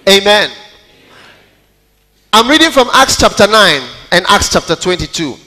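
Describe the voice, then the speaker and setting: A male pastor preaching a sermon and reading scripture, dramatic, swinging from hushed words to loud calls and acting out the quotes. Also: sits high, lively intonation, a little slow. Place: large church hall. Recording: long hall reverb.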